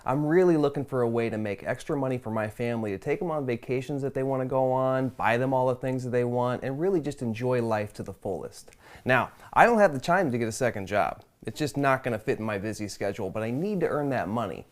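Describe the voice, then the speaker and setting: Man rehearsing an earnest sales pitch. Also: fast talker. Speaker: student rehearsing a video pitch.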